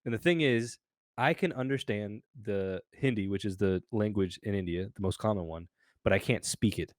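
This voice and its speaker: A young American man, co-host of a podcast, telling a story in a casual, animated way, acting out voices and swearing freely. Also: lowish voice, normal speed, no echo, clean studio sound. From United States.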